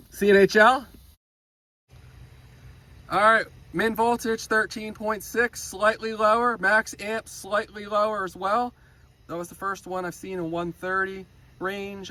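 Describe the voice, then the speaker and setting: A man's voice: high-pitched, bright, forceful tone, a little hiss or hum, rough recording. A man hosting a hobby vlog, testing batteries outdoors and thinking aloud as he reads numbers, openly enthusiastic about the results. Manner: enthusiastic, thinking aloud while reading data. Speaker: RC hobby channel host. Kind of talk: casual hands-on testing vlog. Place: outdoors by a road with traffic.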